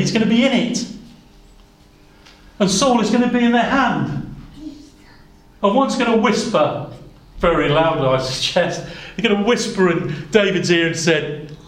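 A man's voice: high-pitched, roomy sound, poor audio. A man preaching a sermon, earnest, quoting scripture in old-fashioned wording and addressing the congregation as brothers and sisters.

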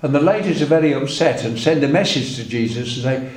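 A man preaching a sermon, retelling scripture in a measured storytelling way and reading old verses aloud. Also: medium pitch, animated, darkish tone, reverberant, a little hiss or hum.

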